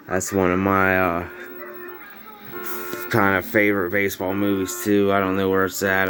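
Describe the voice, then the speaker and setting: Man, deep monotone, laid-back collector vlog, slight slur, lots of ums. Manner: rambling, filler-heavy, informal grammar. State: snuff in mouth slurring words. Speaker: VHS collector vlogger. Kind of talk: casual show-and-tell. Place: home bedroom.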